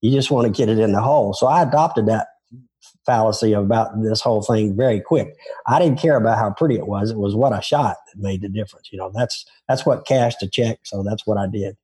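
A retired touring golf pro from Memphis, Tennessee, now an older man, is interviewed and casually rambles through self-mocking stories about his golf career. His Southern-accented voice is lowish, mellow, and slightly rough, and he talks a little fast.

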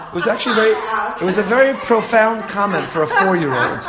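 A man's voice: fairly high pitch, fast talker, few pauses. A man teaching a religious class, reading passages and explaining them earnestly, often repeating phrases and chuckling at his own stories. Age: young adult to middle-aged, father of a four-year-old. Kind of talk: Torah class, reading texts and translating.

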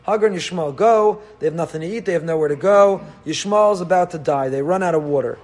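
A man teaching a Torah class, animated and full of rhetorical questions. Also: fairly high pitch, quick pace. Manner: animated, rhetorical questions, mixes Hebrew and Yiddish terms. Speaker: rabbi teaching the weekly Torah portion.

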